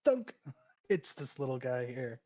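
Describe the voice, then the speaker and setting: A man narrating as game master for a tabletop game, chatty and quick to laugh. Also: on the high side. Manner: laughs often, relaxed and chatty.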